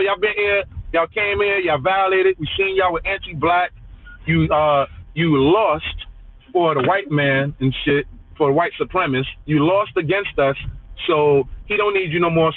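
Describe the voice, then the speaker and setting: A man's voice: high voice, no room sound. A man ranting live to his chat, profane and heated, hammering the same lines over and over. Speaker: livestreamer. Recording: tinny phone-like dry audio.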